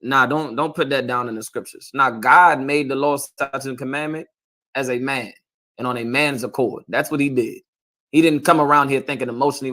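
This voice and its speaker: A man's voice: medium pitch, steady tone, a little fast, bright, forceful tone. A man preaching a confrontational sermon as a street preacher, lecturing his listeners and often asking "You understand?".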